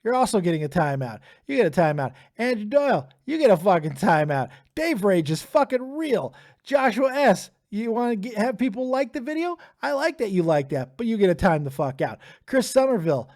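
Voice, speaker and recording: A man's voice: high-pitched, sing-song, moderate pace, darkish tone. A young man hosting a live stream, tired and ranting profanely at his chat while taking callers.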